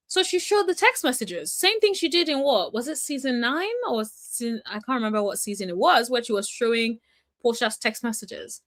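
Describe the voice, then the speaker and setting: A woman's voice: a little high, lively intonation, moderate pace, a bit bright. A woman giving casual commentary as a reality TV recap vlogger, chatty, emphatic and opinionated, calling her viewers y'all and honey.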